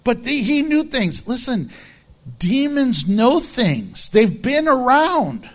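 A man preaching as pastor, blunt and emphatic, with low, quiet asides in a conversational sermon. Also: sing-song, slow.

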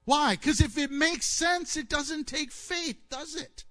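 A man preaching a sermon, telling stories with questions to the listeners and acting out the quoted voices. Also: takes it slowly. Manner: animated storytelling, asks the audience questions and answers them; acts out quoted voices with swings in pitch and loudness.

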